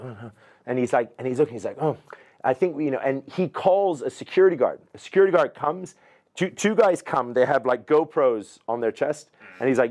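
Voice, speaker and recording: A middle-aged man talks as a podcast guest at a mid-range pitch, neither high nor low. He tells his story casually and with energy, curses freely, and slips into the voices of the people he describes. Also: a little fast. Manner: animated, profane, acts out other people's lines.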